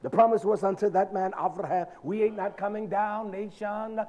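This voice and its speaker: A male preacher giving a sermon in a dramatic, colloquial manner, swinging from shouted lines to low murmurs. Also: fairly even intonation, moderate pace.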